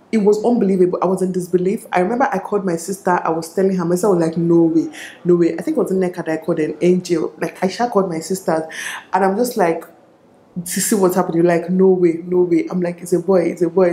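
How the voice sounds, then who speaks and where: A young woman with a Nigerian accent tells a personal story straight to camera. She talks in an animated, chatty way and acts out the dialogue. The echoey room comes through on the camera mic. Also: on the low side. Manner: animated, laughing retelling with quoted dialogue. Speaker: vlogger.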